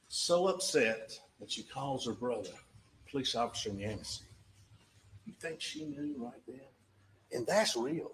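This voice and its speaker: A man's voice: medium pitch, lively intonation, normal speed, fairly bright tone, a little hiss or hum, low-quality recording. A man giving a closing argument as a prosecutor in a courtroom, emphatic and full of rhetorical questions that drive home each point.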